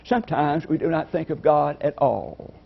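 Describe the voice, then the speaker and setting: A man delivers a sermon in a measured, reflective manner, pausing over scripture. His voice sits a little high and carries a gravelly fry. The recording is dull and lo-fi. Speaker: preacher.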